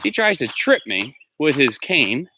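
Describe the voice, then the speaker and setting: Animated man telling a story while walking. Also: unhurried, noisy background. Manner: animated, indignant storytelling with big pitch jumps. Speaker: school teacher and vlogger. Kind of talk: casual vlog storytelling. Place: outdoors, walking.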